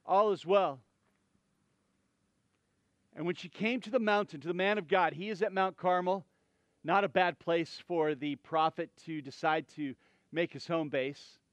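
High-voiced animated male preacher. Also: no echo. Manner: animated, conversational preaching with asides. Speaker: pastor. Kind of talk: sermon.

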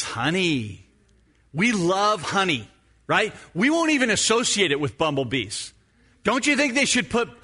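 Middle-aged pastor guy telling a story in his sermon, high bright voice, really animated. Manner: animated storytelling, acts out his own screams.

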